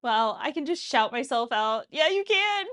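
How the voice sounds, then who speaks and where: A woman's voice: sits high, sing-song, moderate pace, pushed and bright. A woman in her thirties chatting casually while hosting a cooking livestream, rambling and laughing often. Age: 30s. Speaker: cooking show streamer.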